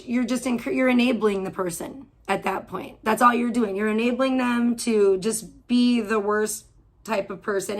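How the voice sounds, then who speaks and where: Profane, fiery woman streamer, higher voice. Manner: profane, heated and rambling with frequent restarts. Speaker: livestream host. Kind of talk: audio-only livestream rant. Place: at home.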